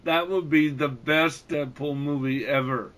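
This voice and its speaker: A man hosting a casual podcast chat, giving short relaxed replies. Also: fairly high pitch, measured pace. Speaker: podcast host.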